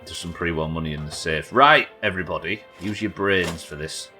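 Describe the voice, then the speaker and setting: A man's voice: deep voice, normal speed, bright, forceful tone, faint music behind. A man streaming a game live, chatting with viewers in a wry, sweary, bantering way. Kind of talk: live gameplay commentary.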